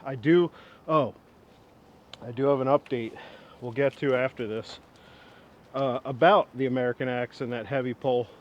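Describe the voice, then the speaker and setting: This young woodworking vlogger, in his twenties, talks at a normal speed with fairly even intonation and frequent pauses, and the sound is lo-fi. Working an old axe outdoors in the wind, he rambles through a casual demo, mocking himself and chuckling often as the wind rumbles.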